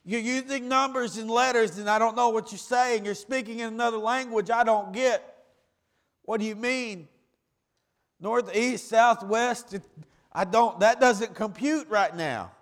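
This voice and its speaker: A male pastor, preaching a sermon that swings between quiet, low asides and loud, raised cries. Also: measured pace.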